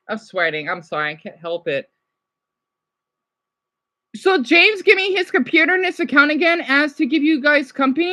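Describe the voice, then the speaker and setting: An excitable woman from the United States hosting a casual livestream, gushing as she reacts and often apologizing. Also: sits high, moderate pace, low-quality recording. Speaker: livestream host.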